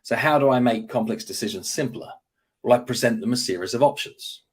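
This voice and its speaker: This man has a husky, mid-range voice and a brisk delivery. As a guest speaker on persuasion, he walks through techniques in an interview, confidently performing example lines along the way.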